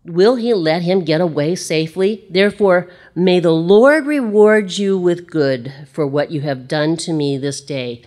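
A woman's voice: lowish voice, a little slow, few pauses, a little mellow, natural voice. A woman reading as a remorseful old king. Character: remorseful older male king.

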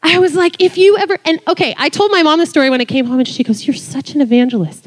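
A woman in her forties, a worship leader, telling a lively story in a sermon, her voice jumping high when excited. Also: fast. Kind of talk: sermon testimony.

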